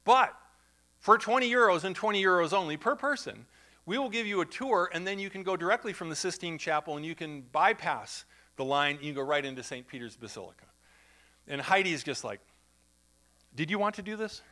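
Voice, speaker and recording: A man's voice: on the high side, lively intonation, fairly quick, bright, forceful tone. A middle-aged man, who may be a pastor, giving a conversational sermon, telling stories and acting out the voices of the people in them. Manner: conversational, anecdotal, acts out quoted voices. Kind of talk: sermon storytelling.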